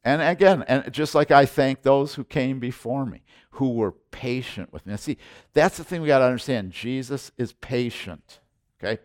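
A middle-aged man preaching with intensity, hammering his points through repetition and quick restarts. His voice sits in a middle pitch, and he delivers the sermon in an emphatic, direct way. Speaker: pastor.

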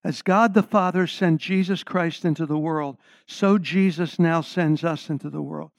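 A man's voice: fairly high pitch, fairly even intonation, moderate pace, vocal fry, no room sound. A middle-aged man preaching a sermon, stressing key words and putting questions to the congregation. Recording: slightly dull lo-fi sound.

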